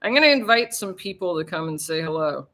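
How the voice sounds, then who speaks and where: A woman's voice: fairly low pitch, animated, a little fast, a bit bright. A woman hosting a casual livestream from home, rambling and chatty, laughing often as she greets viewers. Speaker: livestream host, tour guide. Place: home in a tropical town.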